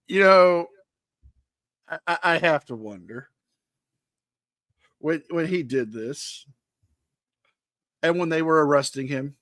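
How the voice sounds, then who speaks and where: A high-pitched man with a lively, bouncing delivery reads odd crime stories on a comedy podcast and drops jokey asides. The recording is dry and close. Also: slow pace, pauses often, no room sound. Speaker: podcast co-host. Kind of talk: casual comedic news reading.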